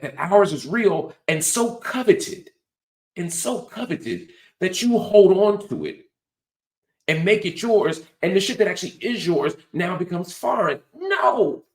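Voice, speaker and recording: A male host delivers an emphatic, lecturing political monologue packed with rhetorical questions, profanity-laced colloquial talk, and frequent "right?" tag questions. His voice sits high and sing-song, he takes it slowly, and the sound is roomy.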